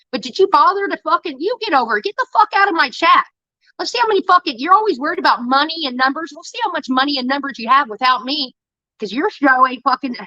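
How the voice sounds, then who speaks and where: High, bright woman ranting heatedly. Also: no echo, highs cut off. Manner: profane, heated, defensive. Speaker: livestreamer. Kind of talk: angry ranting monologue.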